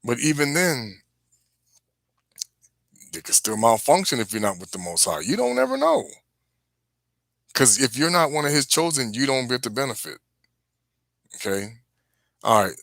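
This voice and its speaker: A man's voice: mid-range voice, animated, normal speed, long pauses, a bit bright, dry recording. A man hosting a religious live stream, preaching casually and earnestly to his viewers with warnings.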